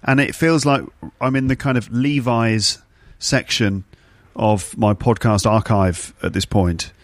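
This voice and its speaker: A man hosting a podcast for learners, talking in a chatty, playful, rambling way from the kitchen area of his flat. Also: mid-range voice, measured pace, dry recording. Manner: chatty, playful, self-commenting. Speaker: podcast host and English teacher. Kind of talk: casual rambling monologue. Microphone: podcast microphone.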